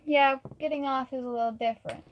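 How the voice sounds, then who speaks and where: A woman narrating as game master of a tabletop role-play, in a casual, halting way with many fillers. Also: sits high, steady tone, muffled recording, slight background noise.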